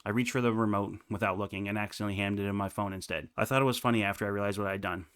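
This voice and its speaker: A young man in his twenties reads confession posts aloud at a quick clip, then drifts into loose, filler-heavy commentary. His voice sits a little low, and the sound is dry and close with no room to it. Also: steady tone, a bit bright, smooth, no room sound. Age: 20s. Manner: casual, rambling asides with many fillers. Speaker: reddit reaction host.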